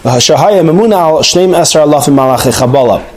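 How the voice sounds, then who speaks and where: A man's voice: a little high, animated, quick pace, poor audio. A man giving a Torah class as a rabbi, earnest, often restarting his words. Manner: earnest, with frequent stammered restarts.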